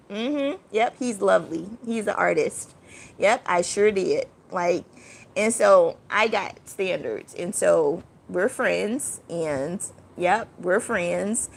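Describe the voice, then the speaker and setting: A woman hosting a casual livestream, rambling and chatty, breaking off to greet viewers with sudden high exclamations. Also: creaky. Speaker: livestream host.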